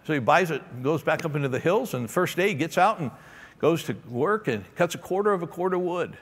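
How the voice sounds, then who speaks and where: A man preaching a sermon as pastor, animated and emphatic, telling stories to make his points. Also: on the high side, quick pace. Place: large church auditorium. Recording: long hall reverb in a church.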